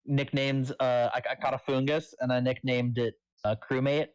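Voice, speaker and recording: Deadpan male co-player, dry close sound. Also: medium pitch, moderate pace, clean tone, no room sound. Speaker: co-commentator. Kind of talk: casual let's-play chat.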